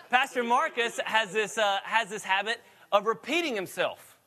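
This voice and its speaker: A man's voice: high voice, lively intonation, unhurried, sharp tone. A man preaching a sermon in a chatty storytelling way, laughing often as he tells stories. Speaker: pastor.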